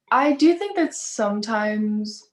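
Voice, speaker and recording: An eighteen-year-old woman speaks in a soft, quiet voice on a talk show. She hesitates, uses lots of fillers and stops to find her words, in a casual family chat. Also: mid-range voice. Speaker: guest, singer.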